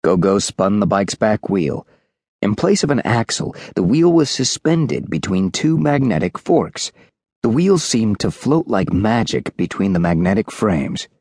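A man narrating a children's audiobook in an animated storytelling manner. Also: lowish voice, measured pace, dry recording, clean studio sound. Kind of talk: scripted narration.

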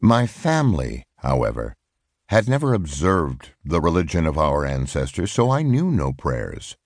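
A man reading a reflective nonfiction audiobook in a measured, solemn way. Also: very deep voice, sing-song, dry recording, clean studio sound. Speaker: audiobook narrator. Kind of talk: scripted audiobook narration. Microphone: close studio microphone.

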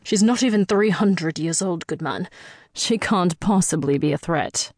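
A woman's voice: on the low side, unhurried, darkish tone, no echo, studio quality. A woman voicing a lecherous, smug immortal man who talks in a dismissive way in an audiobook.

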